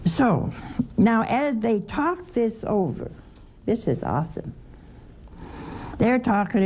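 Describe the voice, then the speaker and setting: A woman teaches scripture to a group with wry humor and a steady stream of questions to her listeners. Her voice is low, mellow and gravelly with fry. She takes her time over each point. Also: slight background noise. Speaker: Bible study teacher. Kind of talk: informal Bible teaching.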